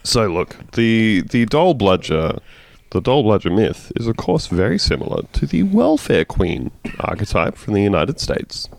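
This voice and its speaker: A man's voice: fairly low pitch, sing-song, moderate pace, creaky, no echo. A man co-hosting a casual comedy podcast, dropping sarcastic asides while reading out facts. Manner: wry, playful, reads facts with sarcastic asides. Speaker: podcast co-host.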